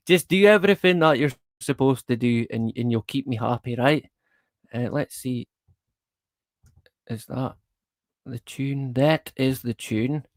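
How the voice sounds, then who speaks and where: A man's voice: mid-range voice, takes it slowly, long pauses, no echo, studio quality. A man hosting a casual livestream, rambling in a laid-back way, chuckling often and swearing casually. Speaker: livestream host.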